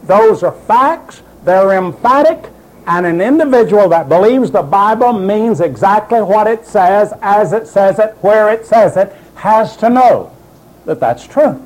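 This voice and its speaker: A man's voice: high-pitched, animated, a little slow, darkish tone, poor audio. A man preaching a sermon, insistent and emphatic, quoting doubters in mocking voices.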